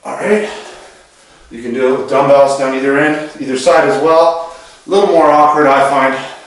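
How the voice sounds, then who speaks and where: A man's voice: mid-range voice, fairly even intonation, moderate pace. Breathless man coaching, echoey room. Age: over 40. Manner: out of breath while demonstrating exercises; loose and chatty, with restarts. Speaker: fitness instructor. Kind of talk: casual exercise demonstration. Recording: very echoey, distant camera audio.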